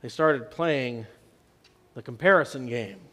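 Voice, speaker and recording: A man preaching a sermon as pastor, telling the story in a conversational way and swinging between loud and soft for emphasis. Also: mid-range voice, measured pace. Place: church sanctuary. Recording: long church reverb.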